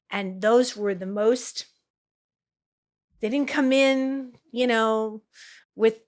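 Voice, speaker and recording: A middle-aged woman from Los Angeles, an acting teacher and coach, telling stories in a podcast interview and acting out quotes in a high, excited voice.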